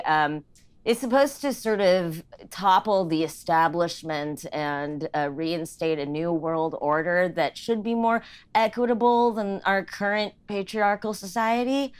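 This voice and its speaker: A woman's voice: lowish voice, clean tone, natural voice. A woman voicing a laid-back young satyr girl with radical ideals, who drawls easygoing lines full of "man" and "you know". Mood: mellow.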